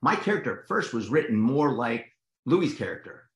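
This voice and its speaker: A man's voice: mid-range voice, very animated, moderate pace, roomy sound. A man from New Jersey with a New Jersey accent, an actor chatting in an interview, rambling with stumbling restarts. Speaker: actor guest. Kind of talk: casual interview chat.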